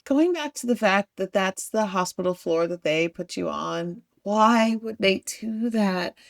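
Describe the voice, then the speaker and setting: A woman's voice: medium pitch, a little slow, creaky, no echo, clean studio sound. A woman hosting a podcast, listening supportively and sharing her own memory in conversation. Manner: warm supportive listener, short affirmations. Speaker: podcast host. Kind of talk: conversational interview.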